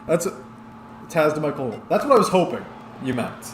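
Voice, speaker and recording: A man's voice: a little high, big pitch swings, moderate pace. Tipsy male streamer, rambling play-by-play on a wrestling game while reading chat, roomy echo, faint hiss behind. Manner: rambling, chatty, talks back to chat comments.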